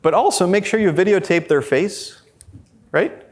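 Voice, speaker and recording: A man's voice: high voice, normal speed. A man presenting a conference workshop, talking energetically and addressing the audience directly. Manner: quotes imagined people in a raised voice.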